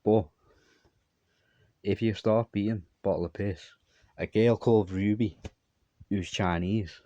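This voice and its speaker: A man's voice: fairly low pitch, steady tone, takes it slowly, dark tone, dry recording, muffled recording. A man telling a long, meandering story in a repetitive monologue. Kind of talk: rambling monologue.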